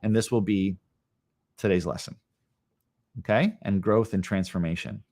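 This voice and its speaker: A man, an educator, guiding a live meditation lesson in a calm, unhurried way, with long pauses and slowly repeated short phrases. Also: on the low side. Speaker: educator leading a live session. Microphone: live stream setup.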